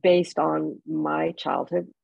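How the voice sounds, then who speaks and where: A woman's voice: low voice, flat delivery, slow, gravelly, a little mellow, no echo, lo-fi sound. A woman from Jamaica, an author guest in an interview, telling personal stories in a heartfelt way with restarts. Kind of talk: interview conversation.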